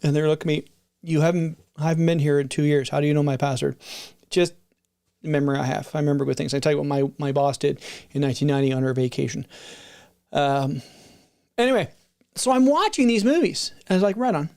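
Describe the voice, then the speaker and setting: A middle-aged creator who reviews new film releases chats casually without a script, rambling with frequent restarts and asides. The voice is mid-range and a little mellow, moving at a quick pace.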